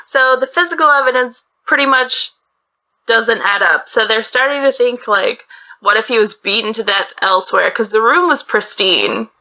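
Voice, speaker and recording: Fairly high in pitch and pushed and bright, this woman's voice moves at a moderate pace as she hosts a podcast. She recounts a true-crime case casually, chatting and laughing in asides, with a northeastern US background, inside a small bedroom resembling a closet.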